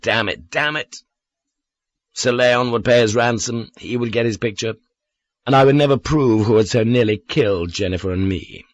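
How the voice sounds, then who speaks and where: Guy reading a first-person audiobook, lowish voice, dead dry close mic. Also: no echo, lo-fi sound. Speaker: audiobook narrator. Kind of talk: scripted first-person narration.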